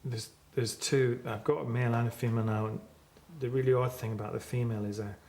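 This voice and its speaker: A man working as a medium, describing his impressions in a hesitant, measured way. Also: medium pitch, fairly even intonation, a little mellow, echoey room, poor audio.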